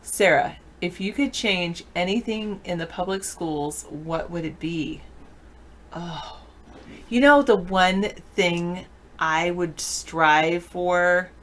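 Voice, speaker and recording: A female co-host of a live online show chats casually and responds aloud to viewer questions from the chat. Her voice is on the low side and fairly bright, with a slow pace and a little hiss or hum in the recording.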